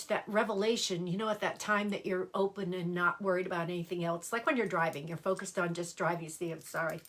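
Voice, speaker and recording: An older woman chatting on a live stream as an astrologer, rambling a little and greeting viewers by name as she goes. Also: mid-range voice. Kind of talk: casual live-stream chat. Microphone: computer or phone live-stream mic.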